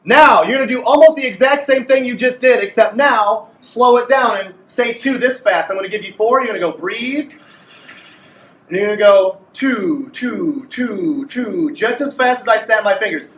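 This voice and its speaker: A man's voice: very high-pitched, fairly quick, hardly any pauses, fairly bright tone, a little hiss or hum. A man teaching a beginners' clarinet class, coaching and joking with his students. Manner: playful, coaching a class aloud. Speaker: music teacher. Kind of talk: group clarinet lesson. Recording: echoey room from far off.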